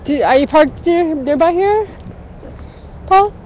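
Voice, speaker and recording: A woman's voice: very high voice, animated, slow pace, a little mellow, highs cut off. A woman hosting a casual phone livestream outdoors at night, chatty and swearing casually. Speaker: livestream host. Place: outdoors at night on a city street. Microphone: phone held in hand. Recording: phone recording with faint street noise.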